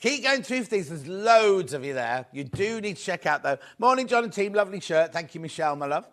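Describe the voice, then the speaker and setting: A man's voice: sits high, lively intonation, fairly quick, a bit bright. A man presenting a live shopping show, upbeat and chatty, greeting viewers by name as he sells fabric.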